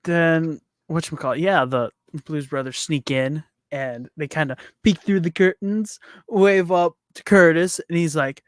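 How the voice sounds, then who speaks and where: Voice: medium pitch, dry recording, clean studio sound. A podcast co-host casually retelling a movie's plot scene by scene, laughing along the way. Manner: retells scenes with quick acted quotes, laughs often. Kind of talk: casual movie recap chat.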